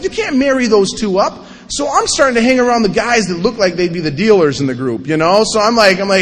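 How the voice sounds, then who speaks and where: Guy telling his aa story up on stage, high voice, lots of hall echo, does goofy voices for people. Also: a little fast, few pauses. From North Dakota. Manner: animated storytelling, acts out quotes in mocking voices. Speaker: AA speaker sharing his story. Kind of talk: recovery talk to an audience. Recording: live recording in a reverberant hall.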